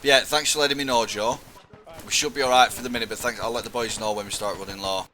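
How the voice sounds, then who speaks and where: A man's voice: medium pitch, steady tone, fast talker, bright, forceful tone, slight background noise. A young man, giving sweary blunt banter as a squad leader in casual gaming chat.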